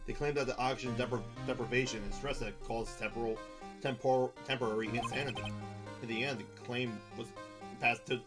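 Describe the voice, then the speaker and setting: Let's play host, male, mid-pitched, voices the game text himself with stumbles; heavy music bed. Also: steady tone, fairly quick. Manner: stumbling, self-correcting dramatic reading. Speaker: let's play host reading the game's dialogue aloud. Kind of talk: reading game text aloud.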